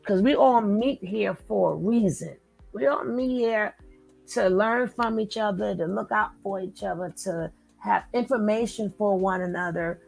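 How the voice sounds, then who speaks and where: Gravelly-voiced woman hosting a live stream. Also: mid-range voice, unhurried, soft background music, rough recording. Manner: effusive, talks straight to chat, shouts out viewers. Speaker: livestream host. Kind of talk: casual live-stream chat with viewers.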